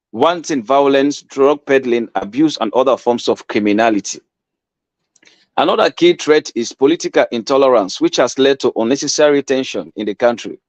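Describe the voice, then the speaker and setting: A man's voice: medium pitch, no echo. A man with a Sierra Leonean accent reads a statement aloud, stressing and repeating key phrases before explaining them in Krio. His voice sits in a middle register. The recording is dry, with no room sound. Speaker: commentator.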